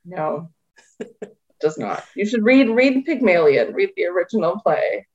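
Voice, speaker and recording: A woman's voice: fairly low pitch, big pitch swings, unhurried. A woman in casual podcast chat about films and plays, wry and dryly joking. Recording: dull lo-fi sound.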